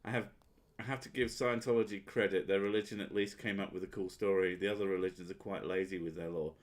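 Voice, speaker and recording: Sweary sardonic man, lowish voice. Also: fairly even intonation, fast talker. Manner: sweary, sardonic, laughs at his own jokes. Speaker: podcast host. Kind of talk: casual chat.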